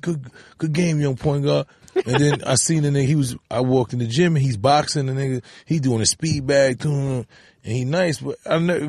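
A man's voice: medium pitch, a little mellow, no echo, studio quality. A man, a guest telling stories in laid-back street slang in casual interview chat. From the Bronx, New York. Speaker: guest, rapper.

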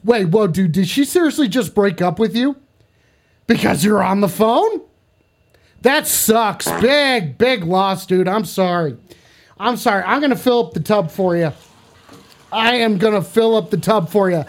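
A man's voice: high-pitched, expressive, unhurried. A man livestreaming, bantering crudely and teasingly with his chat in a casual way.

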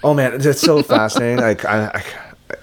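A man's voice: medium pitch, normal speed. A man co-hosting a podcast as a music teacher, easygoing with many restarts and laughs. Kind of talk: casual chat.

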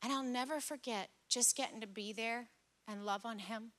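Woman pastor mid sermon, fairly high bright voice, storytelling animated, bit of a drama with the quotes. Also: normal speed. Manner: animated, acts out dialogue in stories. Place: church service.

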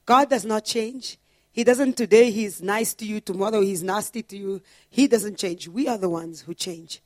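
A woman's voice: medium pitch, moderate pace, dry recording. Earnest woman preaching, dry close sound. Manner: earnest, building to loud emphatic repetition. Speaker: pastor. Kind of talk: sermon.

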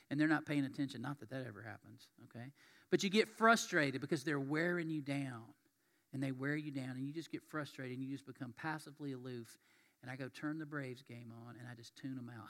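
A man's voice: mid-range voice, quick pace, a bit bright. A man preaching a sermon as pastor, in a conversational, folksy way that acts out quoted voices. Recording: long hall reverb.

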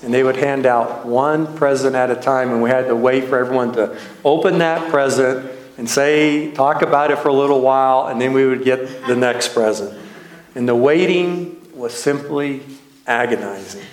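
A man from Texas, a minister, telling a slow, nostalgic childhood story as a sermon with light laughs. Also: mid-range voice, echoey room, a little hiss or hum, rough recording.

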